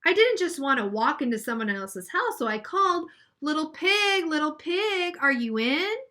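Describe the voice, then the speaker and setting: A woman reading aloud as a sly, smooth-talking male wolf telling his side of a storybook tale. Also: high-pitched, sing-song, normal speed, bright, forceful tone, pitched above the performer's own voice, exaggerated voice. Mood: wry.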